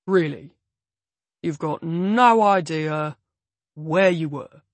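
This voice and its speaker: A woman voicing a blunt male police officer who questions in a flat, heavy manner. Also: low-pitched, slow, dry recording.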